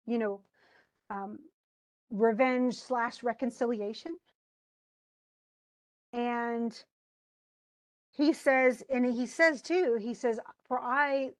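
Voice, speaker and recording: A woman's voice: a little high, poor audio. A woman teaching a play in a casual lecture, reading quoted verse and then retelling it in plain, chatty words. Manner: animated, uses fillers and restarts. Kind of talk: casual lecture, paraphrasing and quoting lines.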